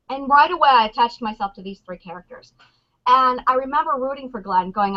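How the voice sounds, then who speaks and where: Excitable woman gushing on a panel. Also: sits high, fairly quick, lo-fi sound. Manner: excitable, acts out lines from scenes. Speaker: convention panelist. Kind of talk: animated fan chat.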